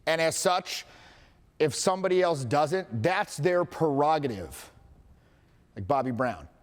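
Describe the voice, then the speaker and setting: A man's voice: a little high, sing-song, unhurried, in a large hall. A man coaching a live audience on confidence, candid and profane, with joking asides and acted-out quotes.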